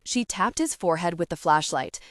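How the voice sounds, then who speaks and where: A woman reads fantasy narration in a steady, even manner. Her voice sits on the low side, and the close studio recording is dry with no room echo. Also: fairly quick. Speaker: audiobook narrator. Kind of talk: scripted narration.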